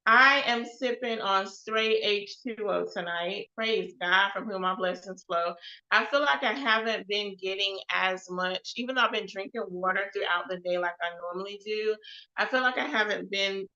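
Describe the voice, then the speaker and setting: A chatty woman hosts a casual livestream and calls out to her chat. Her voice is bright and forceful, and it carries a touch of volume. The stream audio sounds dull and lo-fi. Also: medium pitch, normal speed. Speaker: host of a live web show.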